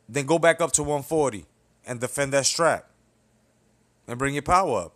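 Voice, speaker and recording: A man's voice: a little high, a bit bright. A young man who hosts a boxing commentary channel, delivering a blunt, heated, profanity-filled rant that keeps checking in with "you know what I'm saying". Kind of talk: profane ranting opinion video.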